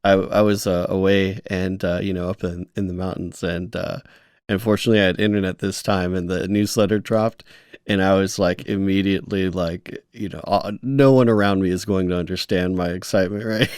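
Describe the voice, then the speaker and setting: Very deep groggy morning voice guy, dry sound, lots of uhs and restarts. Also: steady tone, brisk, darkish tone, clean tone, no echo. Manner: hesitant, many fillers and restarts. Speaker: podcast co-host. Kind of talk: casual podcast chat. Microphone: remote call.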